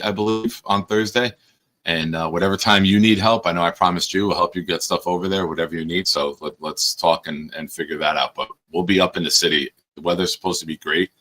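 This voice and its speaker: Bright-voiced man hosting a casual chat. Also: low-pitched. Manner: animated storyteller who laughs at his own tales. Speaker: podcast host.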